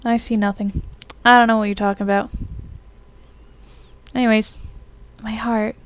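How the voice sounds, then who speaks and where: A woman's voice: medium pitch, little pitch movement, normal speed, smooth. A young woman streaming a game, reading it aloud with wry, joking casual commentary.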